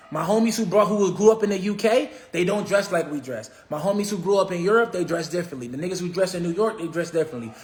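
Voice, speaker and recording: Man, high-pitched, motivational livestream coach who preaches and repeats himself for emphasis. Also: a bit bright. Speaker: real estate coach.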